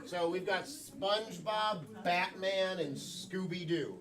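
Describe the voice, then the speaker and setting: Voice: medium pitch, takes it slowly. An improv comedy host on a club stage, energetically prompting the audience and players. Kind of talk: live improv hosting. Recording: loud live audience. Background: audience noise.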